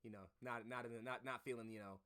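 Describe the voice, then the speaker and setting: A man's voice: medium pitch, steady tone, quick pace, bright, forceful tone, clean tone. A man co-hosting a tabletop roleplay stream, chatty and effusive with viewers. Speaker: co-host and player. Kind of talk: casual stream chat.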